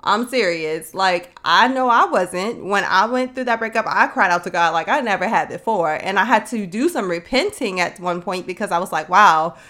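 A woman's voice: mid-range voice, expressive, normal speed, hardly any pauses, sharp tone. A young woman hosting a faith show, speaking in an earnest, conversational way and calling her listeners sis. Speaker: faith podcast host. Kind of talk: encouraging faith talk to listeners.

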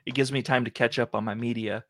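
A man's voice: mid-range voice, fairly even intonation, fast, fairly bright tone, no echo, clean studio sound. A man co-hosting a casual podcast chat, laid-back and making joking asides. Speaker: podcast co-host.

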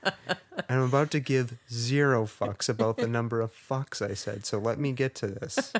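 On a casual podcast, a male co-host launches into a sarcastic rant peppered with plenty of swearing. He speaks in a mid-range voice at a moderate pace, and the recording is dry.

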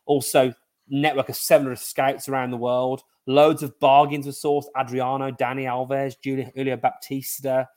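A middle-aged man co-hosting a casual football chat podcast, lively and jokey. His voice sits at an ordinary pitch for a man. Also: normal speed. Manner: animated, jokey, puts on silly foreign-player voices. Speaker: podcast co-host.

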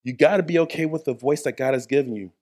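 A man's voice: medium pitch, fast, a little mellow. A man preaching a sermon in a conversational way, with playful asides to the congregation. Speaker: pastor.

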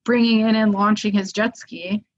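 A woman chatting as a podcast guest, telling a tale in an easygoing, animated way. She sprinkles in fillers and acts out quotes as she goes. The sound is slightly dull, like a lo-fi recording. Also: mid-range voice, normal speed. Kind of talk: casual storytelling. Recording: muffled lo-fi audio.

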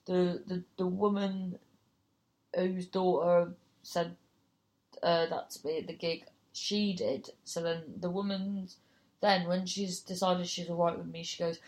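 A woman's voice: on the low side, flat delivery, slow, a little mellow. A woman comedian telling a gig story casually, swearing freely and acting out other people's voices. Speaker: comedian and compere.

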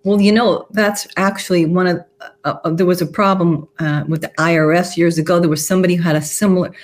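A woman's voice: lowish voice, fairly even intonation, quick pace. A woman author appearing as a talk show guest, who is friendly and laughs often while telling stories. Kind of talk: casual talk show interview.

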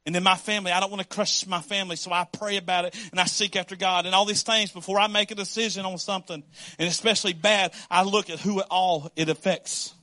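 High, bright-voiced preaching man. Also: fairly even intonation, fast, no room sound. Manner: emphatic preaching, acts out quoted voices, swings from loud to quiet. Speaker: pastor. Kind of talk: sermon.

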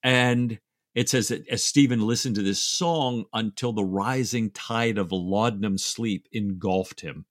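A man co-hosting a book discussion podcast, talking in a reflective, emotional way with halting restarts. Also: lowish voice, dry recording, studio quality. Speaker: podcast co-host.

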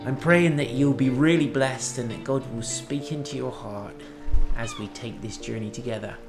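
A man's voice: medium pitch, normal speed, over loud music. A middle-aged man, giving an earnest, chatty Bible talk while walking outdoors. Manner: warm, earnest, chatty with asides. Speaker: podcast host and Bible teacher.

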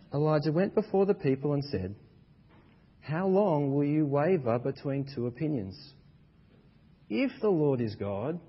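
A man preaching a sermon as pastor, swinging between loud, emphatic exhortation and quiet, low passages. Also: breathy edge. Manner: builds to loud, high-pitched emphatic preaching, then drops quiet. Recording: dull sound with long reverb in a large hall.

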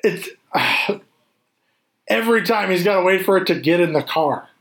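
Casual male talker, fairly high voice, animated and profane. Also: normal speed. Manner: animated, swears freely, acts out scenes. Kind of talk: casual chat.

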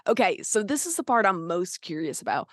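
A woman's voice: on the low side, big pitch swings, a little fast, no room sound. Chatty woman interviewer, dry sound. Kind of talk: casual interview chat.

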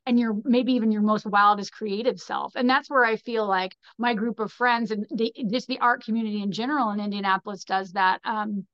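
A woman's voice: mid-range voice, steady tone, fairly quick, few pauses, fairly bright tone, dry recording. A woman guest on a podcast, telling stories in a casual, rambling way full of "like" and "you know". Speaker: podcast guest, fashion designer. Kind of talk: casual conversational storytelling. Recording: dull, muffled sound.

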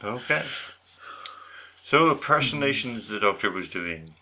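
A man with a low voice and a very bright, forceful edge. He co-hosts a casual chat show and teases his partner with dry remarks and mock rants. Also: animated, measured pace, a little hiss or hum. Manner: dry, teasing banter. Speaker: podcast co-host.

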